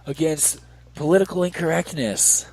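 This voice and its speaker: A man hosting a podcast, asking halting questions in a casual interview. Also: a little high, darkish tone, no room sound, poor audio. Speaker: podcast host.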